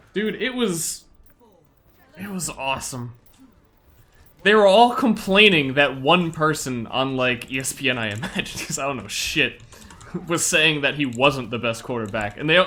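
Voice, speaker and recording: A young man chatting casually while streaming a game, excitable and quick to laugh. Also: mid-range voice. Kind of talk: casual gameplay commentary.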